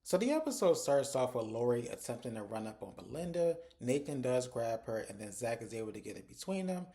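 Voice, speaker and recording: A man's voice: mid-range voice, sing-song, a little fast, gravelly, mellow. A man casually recapping a TV episode as a reviewer, chatty, with slangy asides.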